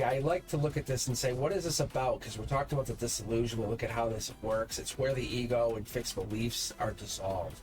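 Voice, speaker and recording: A man of middle pitch teaches tarot in an unscripted, reflective way, wandering from one thought to the next as he encourages the listener. Faint music plays quietly under his voice. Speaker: tarot reader and channel host. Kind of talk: unscripted tarot lesson to camera.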